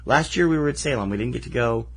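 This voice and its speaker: A man's voice: medium pitch, quick pace, slight background noise. A man co-hosting a casual film podcast, wry and teasing, rambling with fillers as he runs through festival titles. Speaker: podcast co-host.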